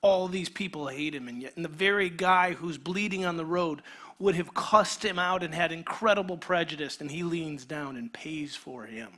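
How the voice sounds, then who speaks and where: A man, a pastor, preaching a sermon in a conversational way, sometimes dropping to a near whisper and sometimes building to an animated retelling. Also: a little high, moderate pace. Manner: shifts between quiet intimate passages and energetic animated retelling; conversational, with restarts and filler words.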